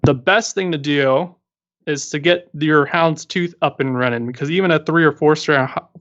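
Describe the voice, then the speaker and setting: Male co-host, slightly high voice, casual explainer, muffled lo-fi stream sound. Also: normal speed, a bit bright. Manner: explanatory, self-correcting, joking. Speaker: co-host giving game roster advice. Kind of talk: casual livestream chat.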